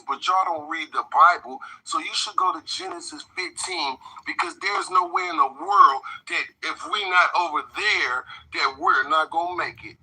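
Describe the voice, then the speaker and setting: Man, casual commentary, bright and sharp, husky, heated and profane. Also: on the high side, low-quality recording. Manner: animated, profane, swings from loud outbursts to muttering. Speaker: commentary co-host.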